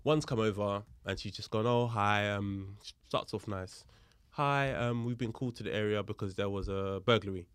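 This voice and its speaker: Guy on a podcast, low voice, dry sound, acts out the back and forth of his story. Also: normal speed, smooth, no echo. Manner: lively retelling that acts out both sides of a dialogue; explains the legal points in detail. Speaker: podcast guest, police firearms officer. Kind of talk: casual storytelling in conversation.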